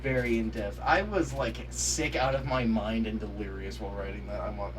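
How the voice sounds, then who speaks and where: A man's voice: on the low side, normal speed, faint music behind. A man on a podcast reading out his joking reactions to a show. He is sarcastic, swears freely and breaks into bursts of mock outrage. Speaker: podcast co-host. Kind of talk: reading out humorous episode reactions. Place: podcast studio.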